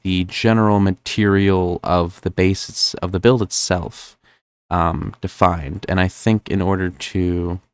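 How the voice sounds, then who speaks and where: Low-voiced New Jersey streamer thinking aloud. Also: male voice, smooth, no echo, clean studio sound. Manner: rambling, thinking aloud with frequent fillers. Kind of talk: live-stream gameplay commentary.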